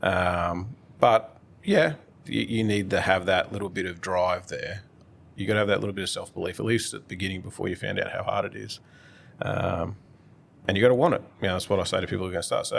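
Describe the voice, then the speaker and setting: A man, a guest accountant speaking in a measured, reflective way as he gives advice in casual conversation. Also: sits low, vocal fry.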